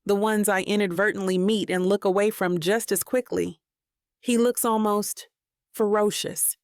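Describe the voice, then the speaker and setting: Female audiobook narrator, expressive first-person read, dry studio sound. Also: mid-range voice, dry recording. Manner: expressive, inner-monologue storytelling.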